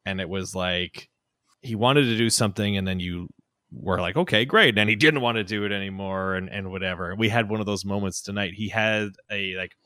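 A man, co-hosting a casual chat and telling expressive parenting stories. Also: fairly low pitch, brisk, no room sound, studio quality. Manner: expressive, laughing, acting out his child. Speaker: podcast co-host.

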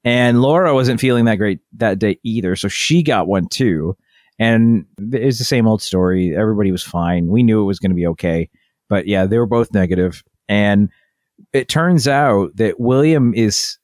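A man in his thirties, co-hosting a casual podcast, speaking in a relaxed, fond way. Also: lowish voice, normal speed, no echo, clean studio sound. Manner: relaxed, fond, with frequent fillers and restarts. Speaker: podcast co-host. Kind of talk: casual chat.

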